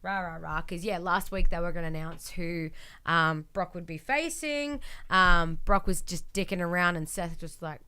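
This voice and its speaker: A woman's voice: low voice, moderate pace, pushed and bright, clean tone. A woman co-hosting a podcast, chatting casually as she recaps a wrestling show and acts out the quotes with lots of fillers. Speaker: podcast co-host.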